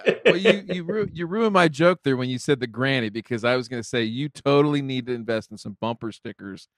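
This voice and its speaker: A man's voice: medium pitch, fairly quick, no room sound, studio quality. A man hosting a casual chat, cracking playful jokes. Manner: joking, playful.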